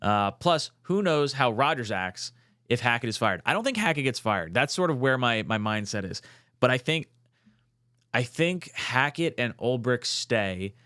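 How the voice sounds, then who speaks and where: A young man hosting a casual fan talk show, reading out chat comments and getting fired up, swearing and nearly shouting at times. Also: medium pitch, moderate pace, no echo, clean studio sound. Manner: excitable, swearing, rising to near shouts when fired up. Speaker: podcast host.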